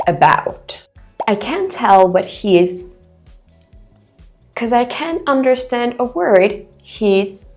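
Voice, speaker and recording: A woman reading out a listening quiz for English learners, careful and deliberate. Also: fairly high pitch, creaky. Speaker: English teacher. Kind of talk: slow, clear quiz narration for learners.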